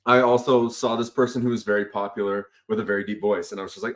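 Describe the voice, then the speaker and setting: A young man in his twenties with a deep voice, talking easily in a casual chat with lots of "um" and "like". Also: fairly even intonation, fast talker. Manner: easygoing, hesitant, many fillers and laughs. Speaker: podcast guest.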